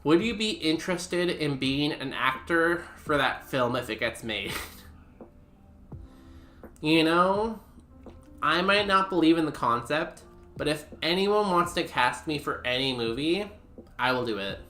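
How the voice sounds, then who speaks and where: A man's voice: a little high, lively intonation, unhurried, bright, forceful tone, echoey room, faint music behind. A young man streaming a game and chatting casually with his viewers, rambling with lots of fillers. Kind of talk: casual live-stream commentary.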